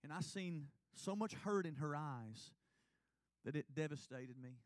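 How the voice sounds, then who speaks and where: A man's voice: fairly high pitch, lively intonation, unhurried, dry recording. A man, preaching in church and telling his own testimony in an earnest, confessional way. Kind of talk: sermon testimony. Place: church sanctuary.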